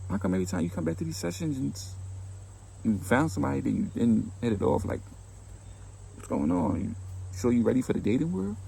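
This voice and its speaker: A man voicing a calm, professional male therapist who asks pointed questions while telling a story. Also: medium pitch, a little fast, gravelly, pauses often, slightly rough, pitched above the performer's own voice, exaggerated voice, low-quality recording. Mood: probing.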